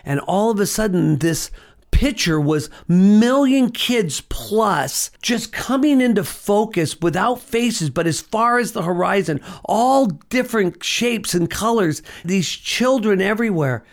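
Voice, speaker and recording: A middle-aged man tells a personal faith story in an earnest, emotional way. His voice is fairly high for a man. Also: expressive, unhurried. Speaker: guest. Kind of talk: personal testimony in an interview.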